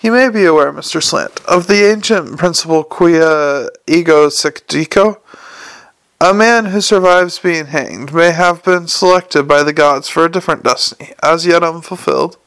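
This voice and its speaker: A man voicing a calm, measured city ruler in an audiobook. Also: fairly high pitch, clear, resonant tone. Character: calm, dry-witted male city ruler.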